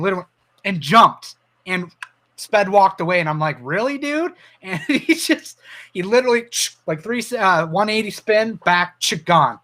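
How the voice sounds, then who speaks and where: A man's voice: sits high, pushed and bright. A Canadian man hosting a livestream, telling personal stories and reading viewer comments aloud in an earnest, emotional way. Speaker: livestream host.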